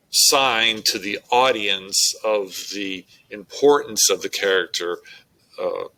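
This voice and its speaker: A man, teaching a recorded lesson on poetic meter in a slow, deliberate way with frequent fillers. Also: lowish voice, bright, forceful tone, poor audio.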